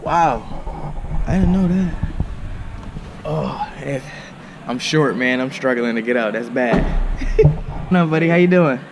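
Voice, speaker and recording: A man doing a casual car walkaround for his vlog, excitable and slangy, talking straight to viewers. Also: medium pitch, slow pace, vocal fry, long pauses, background noise. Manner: loose, slangy, excitable, talks to viewers as y'all. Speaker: car vlogger. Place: indoor car dealership showroom. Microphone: handheld camera with small on-camera mic.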